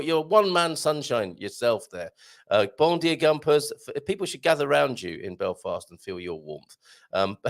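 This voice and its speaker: Broadcasting live from a small studio, a radio show host from the British Isles reads listener messages and drifts into jokey asides. His gravelly, slightly high voice rises and falls a lot, and his manner is chatty and rambling.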